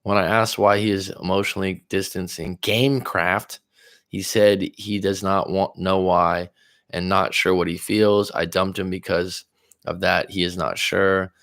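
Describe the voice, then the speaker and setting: A man's voice: deep voice, level tone, measured pace, fairly bright tone. A man from California, hosting a casual live stream as a relationship coach, reading viewer comments aloud and answering them in a loose, rambling way. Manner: loose, rambling, with fillers and restarts.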